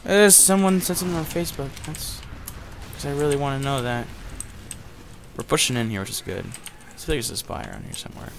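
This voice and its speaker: A man commenting on his gameplay in a casual, excitable way, swearing often. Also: medium pitch, fairly quick, creaky, a little hiss or hum. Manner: excitable, swearing, bursts into yelps and laughs. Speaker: gaming video maker.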